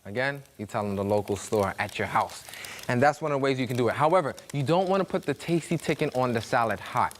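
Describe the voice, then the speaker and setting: A man's voice: medium pitch, expressive, fast talker, a little hiss or hum. A man from Brooklyn with a Brooklyn accent, hosting a cooking demonstration in a chatty, joking way with food sizzling behind him. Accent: New York (Brooklyn). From Brooklyn, New York. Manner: chatty, jokey storyteller, acts out voices in anecdotes. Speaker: cooking show host. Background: food sizzling in a pan.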